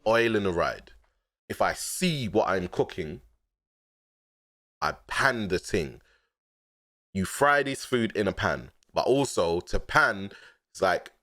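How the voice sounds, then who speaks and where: A London man with a low voice explains his own rap bars in easy street slang. His pitch swings widely, from low drawls to excited jumps, and he laughs often. The sound is close and dry, with no room in it. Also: no room sound. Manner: laid-back and slangy, laughing often, with sudden excited bursts. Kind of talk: casual reaction breakdown.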